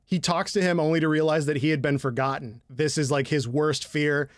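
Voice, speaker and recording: Animated young man recapping anime. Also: on the high side, a little fast, no echo, clean studio sound. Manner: animated, breaks into loud impressions and laughter. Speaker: podcast co-host. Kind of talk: casual anime discussion.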